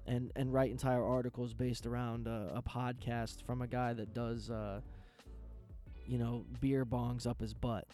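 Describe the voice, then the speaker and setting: A man's voice: medium pitch, flat delivery, a little slow, mellow, soft background music. A man hosting a podcast, ranting casually about news headlines in a profane, sarcastic, rambling way. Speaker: podcast host.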